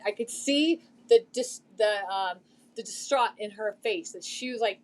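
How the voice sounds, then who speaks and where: A woman's voice: mid-range voice, normal speed. A middle-aged woman chatting casually on a live stream about a thrift find, rambling a little with lots of fillers.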